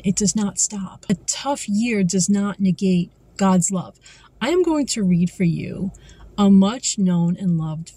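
A woman giving an earnest devotional talk as a Christian vlogger, reading scripture slowly and carefully. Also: medium pitch, dark tone, breathy edge, low-quality recording.

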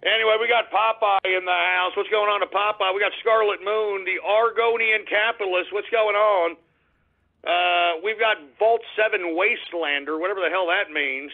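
A Texan man hosting a call-in internet radio show, ranting abrasively, cursing and yelling at trolls. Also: high-pitched, normal speed, vocal fry. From Texas. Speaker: radio talk show host. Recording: tinny phone-like internet radio audio.

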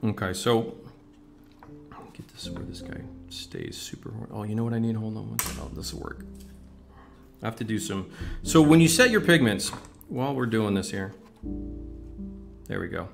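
A man's voice: on the low side, lively intonation, normal speed, long pauses. A man from the United States running a casual livestream painting demo, rambling and chatty, with casual swearing. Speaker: scale-model painting instructor. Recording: music playing clearly behind the voice. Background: music.

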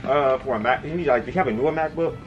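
A man's voice: medium pitch, very fast, highs cut off. A man working in a store's electronics section, helping a customer in a hesitant way with many ums. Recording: loud store music, voice off-mic. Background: loud music.

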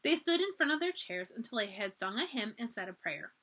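A woman reading a children's book aloud for a library, expressive and lively. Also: fairly high pitch, brisk, breathy edge. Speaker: library storyteller.

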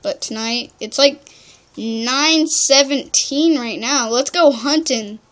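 A woman's voice: high-pitched, takes it slowly, a bit bright. A young woman giving chatty, rambling let's-play commentary, full of "like". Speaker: gamer.

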